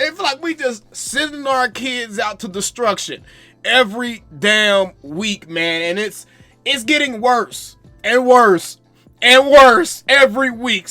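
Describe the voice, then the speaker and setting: A man's voice: extremely high pitch, pushed and bright, no room sound. A man with a daughter in second grade, ranting animatedly about his team and laughing through exaggerated mock grief. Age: adult parent. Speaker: sports fan commentator. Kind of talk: casual fan rant to camera.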